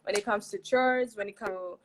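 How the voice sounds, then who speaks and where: A woman chatting as a guest on a video call, animated and emphatic, often repeating herself for effect. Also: medium pitch, brisk, poor audio. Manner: animated, laughing, emphatic repetition. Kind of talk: casual chat on a video call.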